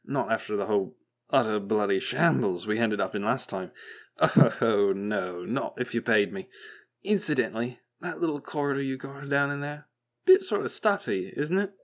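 Brief: man putting on a bumbling chatterbox robot guy, flippant and rambling, voice leaping up high, audiobook character voice. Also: moderate pace, close to an everyday voice. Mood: manic chatter. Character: manic chattering male robot, bumbling and bitter.

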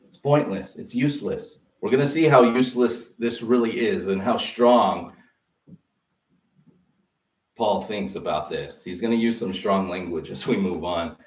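Low-voiced man preaching in a roomy church. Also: measured pace. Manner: interactive preaching, prompting the congregation to fill in words. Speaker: pastor. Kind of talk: sermon. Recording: roomy sound from a distant mic.

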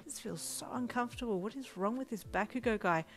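A woman's voice: a little high, brisk, fairly bright tone, voice pushed up, lightly acted. A woman voicing a polite, flustered young woman stuck in a teenage boy's body, trying to act tough.

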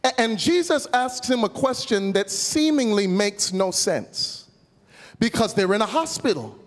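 A man with a high voice preaches to a congregation, weaving humorous stories into the sermon and calling for responses. His voice rings with the long reverb of a large hall. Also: expressive, a little slow. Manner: humorous storytelling, calls out to the congregation. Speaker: pastor.

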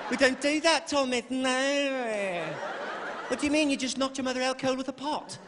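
A man doing a stand-up impression of a prim, unflappable English nanny who scolds in a calm, sing-song, measured way. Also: very high-pitched, background noise, pitched above the performer's own voice. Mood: calm scolding. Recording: reverberant hall with live audience.

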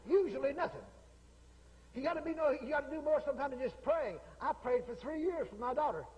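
A man's voice: very high voice, fairly quick, a little mellow. A man preaching a revival sermon, bold and emphatic, hammering his points through repetition. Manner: bold, emphatic, repeating phrases. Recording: echoey hall with long reverb.

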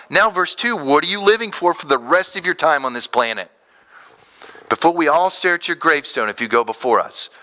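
A man in his thirties preaching a sermon as pastor, animated, acting out quoted voices. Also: a little high.

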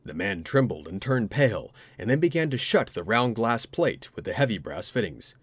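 A man narrating a ghost story in an expressive, dramatic reading. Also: fairly low pitch, moderate pace, husky, no echo.

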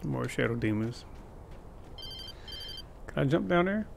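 A man commenting on his own gameplay in a loose, chatty way. He reacts with sudden exclamations and talks himself through each move. His voice has a gravelly edge, and loud game noise sits behind him. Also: mid-range voice, expressive, measured pace. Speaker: gamer. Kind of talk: let's play commentary.

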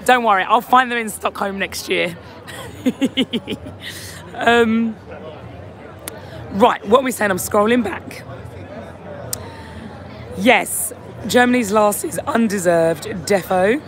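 A hoarse, tired woman hosting a casual live-stream chat outdoors outside a venue, reading out viewer comments into a phone held at arm's length. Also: mid-range voice, takes it slowly, pauses often. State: hoarse, lost voice. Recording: crowd noise on a busy street.

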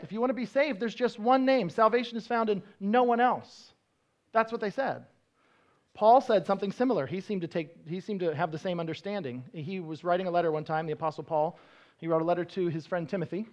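A man's voice: high voice, fairly quick, a little mellow, lo-fi sound. A male pastor preaching a sermon in a conversational, explanatory way, often restarting his sentences.

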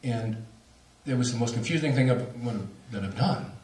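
A man, a speaker on near-death experiences, telling a story to a lecture audience with animated, laughing delivery. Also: mid-range voice, moderate pace, echoey room, distant mic. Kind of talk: storytelling at a talk.

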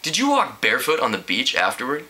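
A man's voice: mid-range voice, huge pitch swings, quick pace, bright, forceful tone, exaggerated voice. A man reading out a gossipy teenage girl, asking eager, prying questions. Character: excited gossipy teen girl.

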